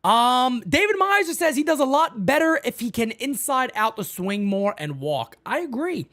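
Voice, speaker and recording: Excitable woman streaming fan chat from home. Lively pitch, keeps it casual and chatty. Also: normal speed. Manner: excitable, chatty, says "man" and "folks" a lot. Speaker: fan channel host.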